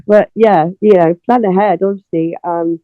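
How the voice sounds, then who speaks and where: Animated woman on a phone line. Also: on the low side, normal speed, no room sound. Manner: animated storyteller, acts out dialogue, many fillers. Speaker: interview guest, singer. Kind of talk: casual interview storytelling. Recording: tinny phone line, dry.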